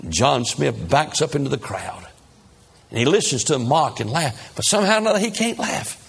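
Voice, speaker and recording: A man's voice: medium pitch, a little fast, vocal fry, slightly rough. A male preacher telling a Bible story dramatically and acting out the characters. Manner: animated, acts out the characters.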